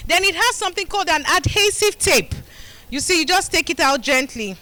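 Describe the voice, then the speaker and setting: A woman's voice: extremely high pitch, expressive, fairly quick, bright, forceful tone, rough recording. A middle-aged woman with a Nigerian accent giving a live demonstration talk to a community group, rousing the crowd with call-and-response. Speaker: community health educator. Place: community gathering.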